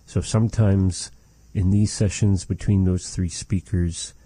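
A man with a low, dark voice gives a language lesson at an unhurried pace. He speaks in a measured way and repeats each phrase so it can be copied. The sound is dry and close. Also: flat delivery, slightly rough, dry recording. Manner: measured, repeats phrases slowly to model them. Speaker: language teacher.

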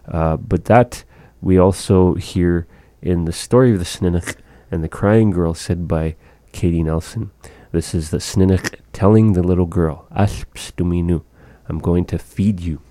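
A man teaching a language lesson, repeating each phrase slowly and carefully for learners. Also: sits low, mellow, no echo.

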